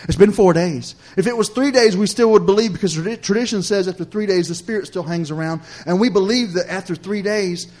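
A male pastor preaching a sermon, repeating phrases in a rhythmic cadence, asking "Amen?" of the congregation, swinging between loud emphatic lines and soft hushed ones. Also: high-pitched, fairly quick, few pauses. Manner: preacherly, repetitive cadence with call-and-response "Amen?".

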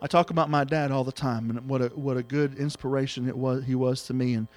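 A middle-aged man preaching an emotional sermon, swinging between loud exhortation and hushed tenderness. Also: mid-range voice, steady tone, fast talker, soft background music.

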